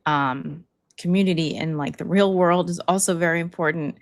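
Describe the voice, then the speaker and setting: A woman's voice: lowish voice, fairly even intonation, normal speed, no room sound. A middle-aged woman co-hosting a podcast, chatting casually with many likes and you-knows. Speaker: podcast co-host. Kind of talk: casual chat.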